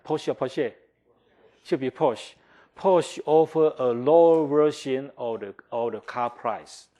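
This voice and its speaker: Older man giving a lively marketing lecture. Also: medium pitch. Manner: animated, acts out customer reactions, asks the class questions; non-native English, simplified grammar. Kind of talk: classroom lecture. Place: lecture hall.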